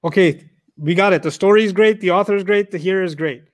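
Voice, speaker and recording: A man with a fairly high voice gives an animated lecture on the Quran. He often poses questions to his listeners and recites Arabic passages quickly before explaining them. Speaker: Quran teacher.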